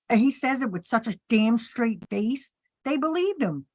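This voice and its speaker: A woman's voice: on the high side, moderate pace, no room sound, studio quality. A woman chatting casually, telling funny stories and acting out what people said, laughing along. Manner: animated storyteller, acts out quotes, laughs often. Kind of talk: casual storytelling chat.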